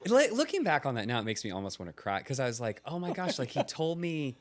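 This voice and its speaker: A man's voice: fast, crowd noise. A man in his forties, a podcast guest, telling a story in casual chat, acting out quoted lines with bursts of energy. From United States. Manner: animated, acts out quotes with rising pitch.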